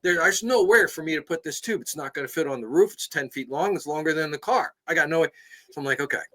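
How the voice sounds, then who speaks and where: A man co-hosting a podcast, telling a story in casual chat, animated and laughing as he acts out both sides. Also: a little high, fast. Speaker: podcast co-host.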